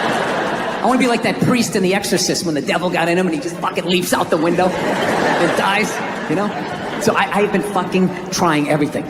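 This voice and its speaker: A man's voice: high voice, fairly quick, heavy background noise. Ranting man in an echoey hall. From United States. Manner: sarcastic, profane, ranting. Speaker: stand-up comedian. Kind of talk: stand-up set. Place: stage in a large venue. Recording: live show in echoey hall, loud crowd laughter.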